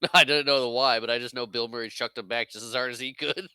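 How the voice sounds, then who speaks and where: A man's voice: mid-range voice, fairly even intonation, fast talker, sharp tone, clean tone, dry recording. A man co-hosting a podcast who laughs often and chimes in with movie trivia. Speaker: podcast co-host. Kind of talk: casual movie chat.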